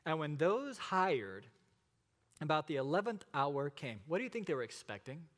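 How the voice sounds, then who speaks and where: Male pastor, middle-aged, sermon delivery with rhetorical questions, lively rising and falling pitch, long hall reverb. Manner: expository preaching with rhetorical questions and dramatic pauses.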